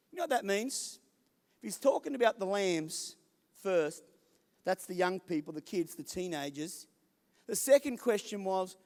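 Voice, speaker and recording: High-voiced pastor preaching in a hall. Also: male voice, normal speed. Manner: conversational, animated, acts out the voices of scripture figures. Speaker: lead pastor. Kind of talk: sermon. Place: church service in a large hall. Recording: long hall reverb.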